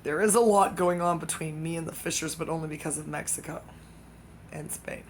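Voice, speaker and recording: A speaker with a mid-range voice races through a rambling comic monologue, hopping from topic to topic, bursting out excitedly, then suddenly dropping to a whisper. Slight background noise is audible.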